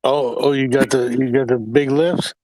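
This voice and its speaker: A man in a casual group voice chat who reacts quickly and teases the others. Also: medium pitch, flat delivery, a little mellow, dry recording, poor audio. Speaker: chat participant.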